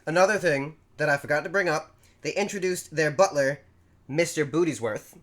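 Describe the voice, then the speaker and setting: His voice sits a little high and moves at a moderate pace as he co-hosts a podcast. In this laid-back recap chat, he retells events with lively storytelling, acting out each quote.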